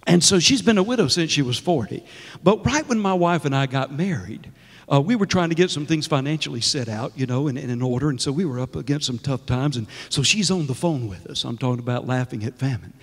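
A middle-aged man, guest preacher for the day, addresses the congregation with exuberance, often laughing and calling out to them. His medium-pitched, animated voice runs a little fast, and the sanctuary adds a long, churchy reverb to his sermon.

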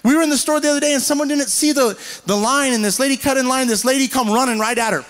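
A male pastor with a high, light voice preaches with lively energy. He acts out the people he quotes and slows right down when he reads scripture. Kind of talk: sermon.

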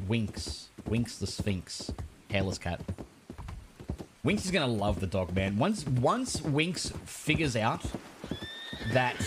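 A man's voice: mid-range voice, background noise. A man streaming a game, chatting casually, swearing often and laughing a lot. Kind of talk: casual gaming stream chat.

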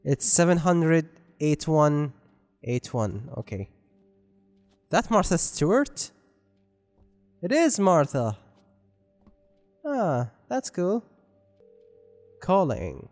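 A man does let's play commentary, joking and rambling with self-mocking asides, in a slightly high, darkish voice with big pitch swings. He speaks very slowly with long pauses, over long reverb and game music.

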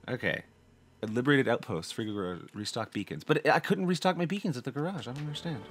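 A man commentating his own gameplay, talking to himself, swearing often and swinging from low muttering to loud frustrated outbursts. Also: expressive, fast talker, slightly rough. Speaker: gaming channel host. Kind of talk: let's play commentary.

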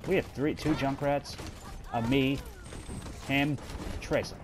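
A man giving excitable, swearing let's play commentary while gaming and talking to his teammates. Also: mid-range voice, slow, noisy background. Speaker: gamer. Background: game music and sound effects.

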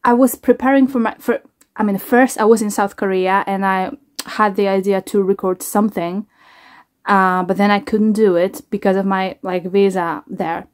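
A woman, a singer, talking casually to camera in a reaction vlog, halting, restarting and trailing off as she reflects. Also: mid-range voice, fairly even intonation.

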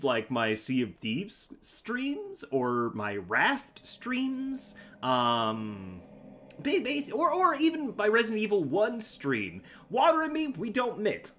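Wildly animated joking male streamer. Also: fairly high pitch. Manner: jokey, animated, self-mocking. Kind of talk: live game stream chat.

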